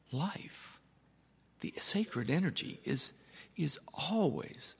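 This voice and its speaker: An older male pastor preaches in a church with a long, ringing reverb. His pitch sits in an ordinary middle range. He tells stories and leans on repeated words to drive his points home. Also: vocal fry, slightly rough. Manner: storytelling preacher, repeats key words for emphasis. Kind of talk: sermon. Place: church sanctuary.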